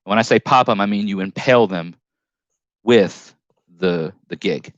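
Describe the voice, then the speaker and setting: A man's voice: fairly low pitch, unhurried, no echo, lo-fi sound. Rambling man with a northern US accent. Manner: rambling storytelling with many restarts and self-corrections. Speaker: live stream host. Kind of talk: casual live stream chat. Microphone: headset.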